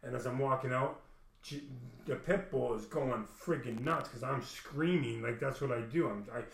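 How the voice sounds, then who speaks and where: The roomy sound of a home setting surrounds this male vlogger as he tells an emotional personal story to the camera, rambling, swearing heavily and restarting frequently. He speaks at normal speed in a medium-pitched, fairly bright voice.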